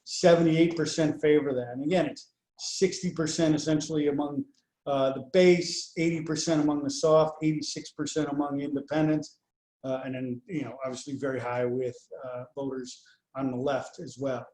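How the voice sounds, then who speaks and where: A man presenting poll results over slides in a measured way, with many fillers between the figures. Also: a little high, level tone, darkish tone, echoey room. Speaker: pollster presenting survey results.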